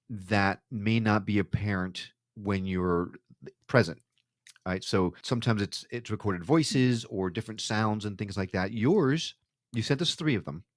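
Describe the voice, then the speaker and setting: A man's voice: lowish voice, no room sound, studio quality. A man hosting a podcast interview, conversational and explaining things to listeners. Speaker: podcast host.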